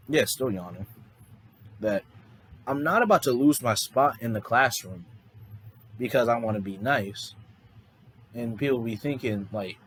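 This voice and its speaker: A man's voice: medium pitch, lively intonation, a little slow, pauses often, a bit bright, slightly rough, low-quality recording. A man casually improvising a story, rambling loosely with lots of fillers and restarts. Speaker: fan storyteller.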